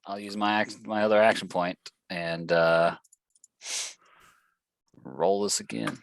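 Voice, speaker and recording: A man's voice: low-pitched, steady tone, slow, creaky, no echo. A man playing a tabletop game, casual and joking, swearing now and then. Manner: joking, swears, laughs between lines. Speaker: player.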